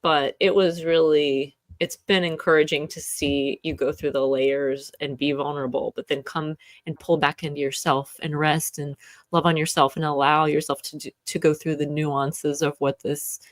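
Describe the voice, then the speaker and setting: A woman's voice: deep voice, little pitch movement, normal speed, dry recording. A woman co-hosting a casual chat over a video call, effusive and rambling, often restarting her sentences.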